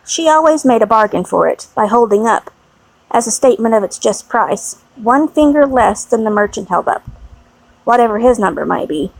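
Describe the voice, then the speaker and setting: A woman narrating an audiobook in a measured, expressive reading. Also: fairly high pitch, vocal fry, dry recording, low-quality recording.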